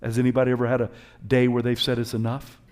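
A male preacher giving a passionate sermon, calling out to his congregation and swinging between loud exhortation and quiet, hushed moments. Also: mid-range voice, monotone, racing, smooth. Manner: passionate, call-and-response, swings from shouts to hushed.

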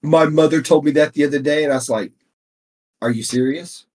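A man co-hosting a podcast, telling teasing stories in a relaxed, drawling way. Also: fairly high pitch, fast talker. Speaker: podcast co-host. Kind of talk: casual chat.

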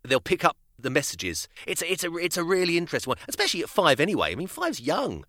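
A British man chats on a podcast in a thoughtful way, and his voice swings widely in pitch as he works through his ideas. The sound is dry and close to the mic, with no echo. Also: wildly swooping pitch, fast, sharp tone. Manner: musing, thinks aloud with restarts and laughs. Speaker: podcast co-host. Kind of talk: casual chat.

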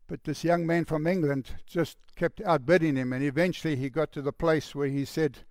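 A man preaching with a slightly higher, gravelly voice. He tells a story earnestly and softens to a near hush for the quoted lines. The sound is dry and close. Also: steady tone, moderate pace, no echo. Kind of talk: sermon storytelling.

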